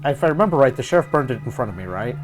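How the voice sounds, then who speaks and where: A man playing a tabletop role-playing game, speaking in a halting way with many pauses. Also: mid-range voice, very animated. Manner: hesitant, halting with many uhs. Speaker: player. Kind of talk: tabletop role-play, in character. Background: background music.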